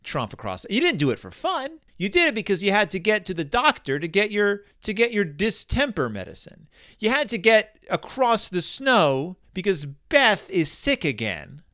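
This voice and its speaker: Animated, bright-voiced joking man. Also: fairly high pitch, no echo, studio quality. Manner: joking, rambling tangents; sarcastic, animated. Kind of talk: comedic book commentary.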